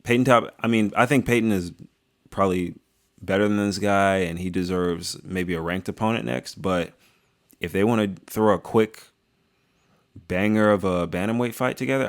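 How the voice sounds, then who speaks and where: Young man, reaction commentary, low voice, rambling and slangy, jokes throughout. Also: fairly even intonation, moderate pace. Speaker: video creator reviewing fights.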